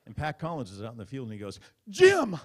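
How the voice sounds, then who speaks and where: A man's voice: on the low side, animated, racing. A man doing stand-up comedy on stage, telling a mock-dramatic story into a stage microphone. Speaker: comedian at a press club roast. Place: stage before a live audience.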